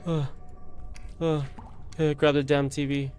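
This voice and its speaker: A man's voice: on the high side, flat delivery, slow, a little mellow, faint music behind. A man giving casual commentary while playing a horror game, jumpy and swearing. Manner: jumpy, swearing, nervous laughs. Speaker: gamer streaming a horror game.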